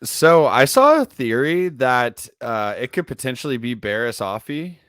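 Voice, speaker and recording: A man co-hosting a casual podcast, relaxed and agreeable, laughing along often. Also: mid-range voice, measured pace, smooth, no echo, clean studio sound. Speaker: podcast co-host.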